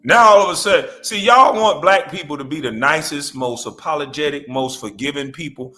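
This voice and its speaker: A man's voice: on the high side, brisk, sharp tone, faint music behind. A man hosting a reaction show, ranting bluntly and profanely, mocking his target. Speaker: host. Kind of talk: reaction commentary rant.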